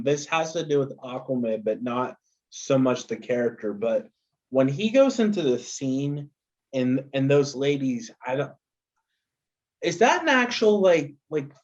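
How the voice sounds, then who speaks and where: A man co-hosting a podcast, chatting casually about a movie in a hesitant, halting way. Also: medium pitch, animated, a little mellow. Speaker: podcast co-host. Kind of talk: casual movie review chat. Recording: dull lo-fi sound.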